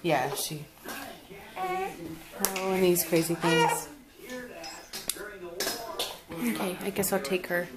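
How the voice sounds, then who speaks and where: A woman's voice: fairly low pitch, big pitch swings, very slow, long pauses, a loud crowd. A mother filming a casual family vlog at home, chatting to the camera and to her babies. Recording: home video with household noise.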